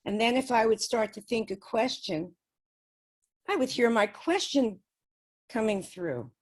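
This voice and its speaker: A woman's voice: on the high side, lively intonation, a little slow. Chatty woman telling a personal story. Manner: chatty, laughs often between sentences. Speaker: guest describing spirit communication experiments. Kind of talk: casual storytelling.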